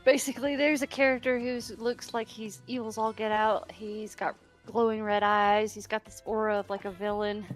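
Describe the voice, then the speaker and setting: A woman's voice: mid-range voice, flat delivery, normal speed, hardly any pauses, faint music behind. A woman streamer chatting casually about her tabletop character, acting out little quotes and laughing.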